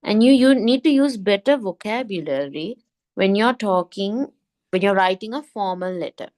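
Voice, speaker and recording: A woman teaching an English lesson online, often repeating a point and asking quick checking questions. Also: medium pitch, lively intonation, a little mellow.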